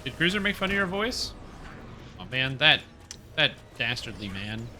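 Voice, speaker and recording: A man live-streaming a raid game, chatting casually and rambling excitedly with teammates, now and then swearing. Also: mid-range voice, normal speed, slight background noise.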